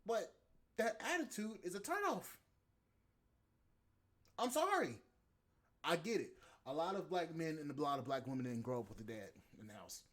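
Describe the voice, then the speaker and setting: A man's voice: on the high side, sing-song, fairly quick. A man hosting a podcast, ranting in a heated, profane, rambling monologue. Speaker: podcast host. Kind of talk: casual podcast rant.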